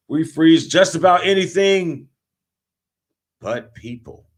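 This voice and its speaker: A man's voice: on the high side, expressive, slow. A man hosting a sports podcast, reading sponsor plugs and talking football in a loose, joking, trash-talking way. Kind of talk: casual sports talk with sponsor reads.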